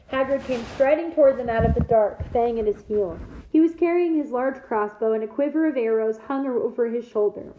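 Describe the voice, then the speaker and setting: A woman's voice: on the high side, brisk, few pauses, a little hiss or hum. Woman teacher reading a story aloud. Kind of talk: reading a novel aloud to a class. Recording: echoey room over a thin phone-like line.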